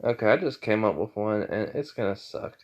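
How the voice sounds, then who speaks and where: A man's voice: lowish voice, animated, a little fast. Rambling man narrating an improvised story. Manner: rambling, lots of fillers. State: sleepy late at night. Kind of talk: improvised fan-fiction narration. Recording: slightly muffled lo-fi audio.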